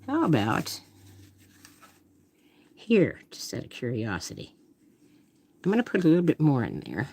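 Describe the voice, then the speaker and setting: Woman artist, casual live-stream chat, thinks aloud and murmurs, lively swooping delivery. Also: very deep voice, a little slow, pauses often, slightly rough. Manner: thinks aloud while painting, trailing off into murmurs.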